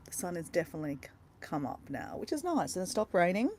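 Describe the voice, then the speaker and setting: An Australian woman chats casually to her livestream viewers from inside a camper van. Her voice swings widely, jumping up into high squeals when she greets people. Faint ambient noise sits behind her. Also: sing-song, quick pace, darkish tone. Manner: chatty and playful, squealing greetings. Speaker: vlogger greeting live viewers.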